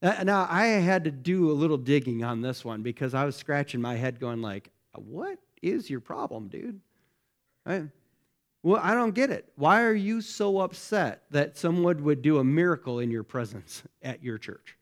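A man gives a sermon as pastor, his voice sitting a little higher than most men's. He talks to the congregation conversationally. He keeps checking in with rhetorical questions. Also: expressive, normal speed. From United States. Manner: conversational, many rhetorical questions and "right?" tags.

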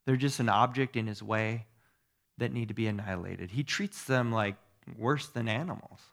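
A man giving a sermon as a pastor, teaching in a conversational way, checking in with his listeners through tag questions and moving between soft asides and emphatic stresses. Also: on the low side, normal speed, creaky.

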